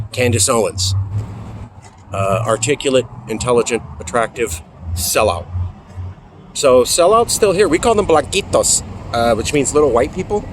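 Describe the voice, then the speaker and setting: A man in his forties from California, telling a personal story in a halting, emphatic way that sometimes drops to a near whisper. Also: fairly low pitch. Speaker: political activist. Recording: outdoor traffic noise.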